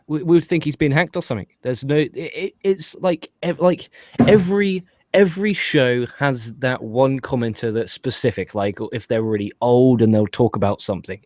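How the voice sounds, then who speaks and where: A man co-hosting a wrestling review podcast, rambling and swearing in loose, excitable banter. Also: medium pitch, moderate pace, no echo. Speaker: podcast co-host. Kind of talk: casual wrestling review chat.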